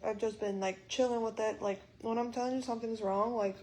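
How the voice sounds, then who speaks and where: A woman's voice: fairly high pitch, fairly even intonation, brisk, darkish tone, a little hiss or hum, poor audio. A young woman vlogging from a hospital room, venting with frustration and plenty of swearing. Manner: frustrated, swearing, quoting others in dialogue. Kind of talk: venting to camera.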